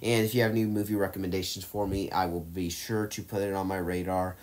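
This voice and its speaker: A man casually ranking movies on his own channel, rambling with lots of fillers and restarts, getting louder and softer as his enthusiasm rises and fades. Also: sits low, little pitch movement, fast. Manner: enthusiastic, swings loud and soft. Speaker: movie reviewer ranking films. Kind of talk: casual rambling tier-list vlog.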